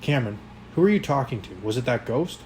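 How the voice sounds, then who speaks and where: A man's voice: mid-range voice, animated, fast talker, a little mellow, slight background noise, natural voice. A man voicing a worried, stern mother who scolds sharply, in an audiobook reading.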